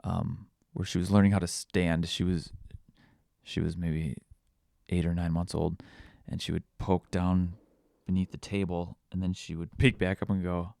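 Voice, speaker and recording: Deep gravelly man musing aloud. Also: level tone, moderate pace, darkish tone, dry recording. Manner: candid, rambling with frequent restarts. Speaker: podcast host. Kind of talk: reflective monologue.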